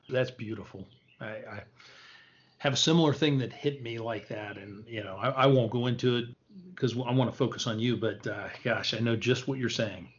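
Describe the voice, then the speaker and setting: Soft-spoken male interviewer, dull audio. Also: mid-range voice, moderate pace, a little hiss or hum. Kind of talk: interview conversation.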